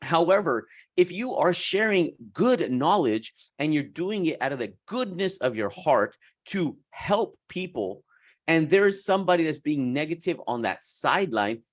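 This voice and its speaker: Animated, slangy man talking to camera. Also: unhurried. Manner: animated, slangy, puts on high voices for quoted people. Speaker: esthetics business coach. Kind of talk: casual talk to camera.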